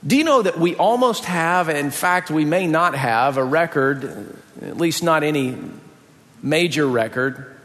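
A man from the US South preaching a sermon as pastor, folksy and lively, joking about his own mother. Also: fairly high pitch, a little slow. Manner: animated, folksy, jokes about his mom with playful impressions. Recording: long hall reverb.

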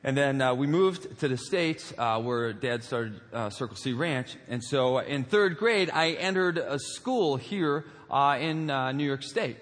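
A pastor preaching a humorous, story-driven sermon in a large auditorium, animated and jokey, with many fillers and asides. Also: male voice, mid-range voice, unhurried, few pauses. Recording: long auditorium reverb.

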